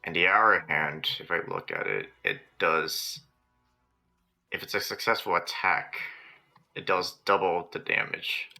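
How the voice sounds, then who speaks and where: A man playing a tabletop game, thinking aloud slowly about moves and rules. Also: deep voice, sing-song, gravelly, pushed and bright, soft background music. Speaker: player.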